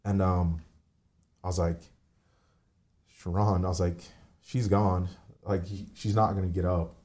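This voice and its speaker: A man's voice: low voice, flat delivery, measured pace, darkish tone. A man in his forties telling a personal story as a podcast guest, candid and rambling, swearing casually. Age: 40s.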